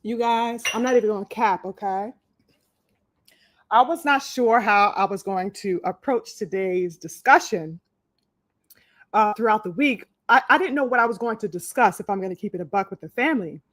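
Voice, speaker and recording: A woman hosts a live podcast in a loose, chatty way, full of "um"s, "you know"s and restarts. Her voice sits in a middle pitch. The sound is dry and close, with no room around it. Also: normal speed, dry recording. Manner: chatty, many fillers and restarts, greets viewers by name. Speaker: podcast host. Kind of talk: casual live-stream talk.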